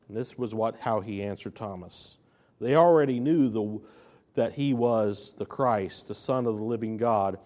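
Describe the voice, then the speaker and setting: Man, preacher, sermon, unhurried, emphatic, repeats key phrases. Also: medium pitch, darkish tone.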